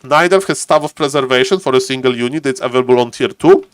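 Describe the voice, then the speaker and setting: A man with a non-native English accent casting a strategy game live, chatting with viewers and rising in excitement over key plays. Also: mid-range voice, quick pace, clean tone, dry recording. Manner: chatty, greets chat viewers, repeats "ladies and gentlemen". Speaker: game caster and streamer.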